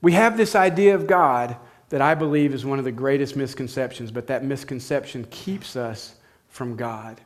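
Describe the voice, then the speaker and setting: A man's voice: medium pitch, normal speed. A middle-aged man preaching a sermon, telling a personal story in a conversational way and speaking directly to his listeners. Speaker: pastor.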